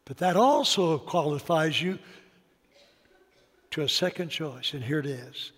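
High-voiced preacher in a reverberant hall. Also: male voice, lively intonation, measured pace, long pauses, slightly rough. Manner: emphatic, swings between loud and soft. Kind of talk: sermon. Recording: long reverb of a large hall.

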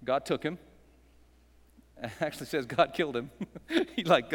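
A man's voice: medium pitch, unhurried. A male pastor preaching a dramatic sermon in a church, leading call-and-response and slipping in jokes. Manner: dramatic, rousing, call-and-response with joking asides. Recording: echoey hall reverb.

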